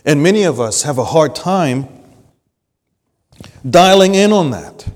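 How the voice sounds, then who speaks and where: Slow, animated preaching man in a reverberant hall. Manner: dramatic preaching, swings from loud emphasis to hushed low lines. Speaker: pastor. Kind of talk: sermon.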